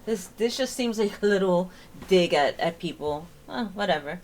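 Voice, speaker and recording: A woman's voice: fairly low pitch, animated, normal speed, a little mellow, a little hiss or hum. Sarcastic woman ranting in commentary. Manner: sarcastic, exasperated. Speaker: commentary host. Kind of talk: reaction commentary.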